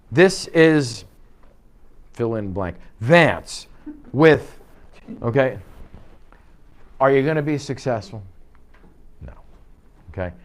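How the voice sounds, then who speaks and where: A man's voice: medium pitch, darkish tone. A man training a class of real estate agents in an office, talking in punchy bursts, throwing out rhetorical questions and checking in with "okay?". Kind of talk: live training talk to a class.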